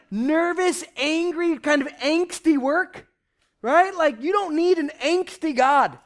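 A young man preaching a lively, conversational sermon from a church stage, shouting at times for emphasis. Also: very high voice. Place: church stage before a congregation.

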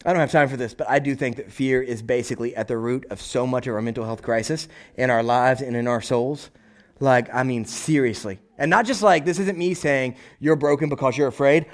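A young adult male pastor preaching a conversational sermon, animated, often asking "right?" and acting out quotes. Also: medium pitch, a little fast.

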